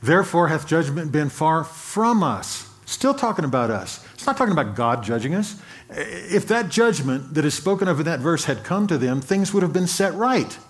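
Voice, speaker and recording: A male pastor preaches a sermon in a conversational way, often repeating and restarting words, and reads scripture slowly and with emphasis. His voice is a little high and sing-song.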